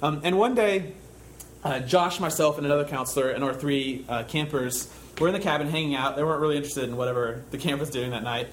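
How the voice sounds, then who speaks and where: A man's voice: fairly high pitch, slight background noise. Young man giving a chatty sermon. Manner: conversational, halting with fillers and restarts. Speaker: camp counselor giving a church talk. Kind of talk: sermon with storytelling.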